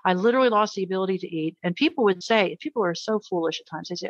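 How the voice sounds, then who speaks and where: A woman's voice: mid-range voice, very fast, few pauses, no room sound, highs cut off. A middle-aged American woman, a guest in an interview, telling a personal story with earnest emotion and frequent repetition.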